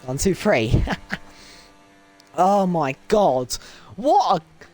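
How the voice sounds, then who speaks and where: A woman hosting and commentating a sim racing event, laughing often and straining her voice from shouting. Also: extremely slow, faint music behind. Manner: excitable, laughs often, voice leaps high and loud in exciting moments. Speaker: race commentator and host.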